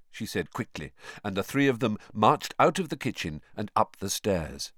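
A man narrating an audiobook with expressive storytelling. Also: on the low side, normal speed, few pauses, no room sound, studio quality. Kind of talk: scripted narration.

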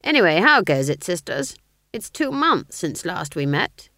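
A woman's voice: lowish voice, sing-song, a little slow, pushed and bright, dry recording, clean studio sound, voice pushed up, heavily acted. Woman doing a stern, curt old witch. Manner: curt, disapproving.

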